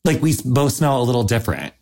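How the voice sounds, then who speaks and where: A woman's voice: extremely low pitch, big pitch swings, fast talker, gravelly, dark tone. A woman hosting a podcast, chatting casually and gushing, filling her talk with "like" and the odd swear word. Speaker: podcast host. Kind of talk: casual interview chat.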